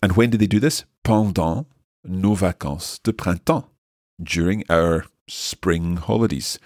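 A man co-hosting a casual language lesson podcast, explaining phrases slowly and repeating them. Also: sits low, a little mellow, dry recording, clean studio sound. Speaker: language teacher co-host.

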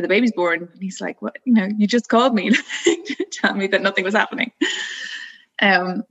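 A woman in her thirties talks through a personal story in a loose, conversational way. Her voice sits a little low for a woman. She fills her phrases with "like" and "you know" and laughs easily between them. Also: low-quality recording. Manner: relaxed, chatty, frequent "like" and "you know", laughs often. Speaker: guest telling her birth story. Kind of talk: casual storytelling interview.

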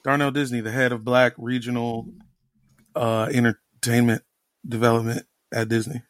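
A man co-hosting a casual podcast chat, animated and excitable, swearing casually. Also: medium pitch, moderate pace, dry recording, clean studio sound. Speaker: podcast co-host.

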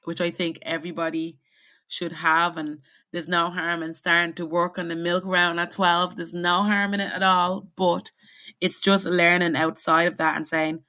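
In a conversational interview, a young woman who grew up in the Caribbean reflects candidly, frequently restarting her sentences. She speaks at a measured pace in a fairly low, bright, forceful voice with fairly even intonation.

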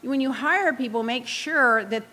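A woman in a casual chat, telling a story in an animated, indignant way with quick asides. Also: on the high side. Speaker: guest recounting reality show events.

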